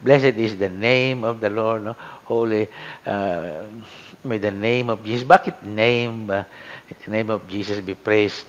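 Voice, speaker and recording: A middle-aged Filipino priest with a Filipino accent, giving a conversational Bible lecture that mixes Tagalog and English, with a frequent "no?" and lifts in pitch when he quotes scripture. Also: fairly even intonation, a little slow. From Philippines. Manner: conversational, frequent tag "no?" and fillers, rises sharply when quoting scripture. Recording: dull lo-fi lecture recording.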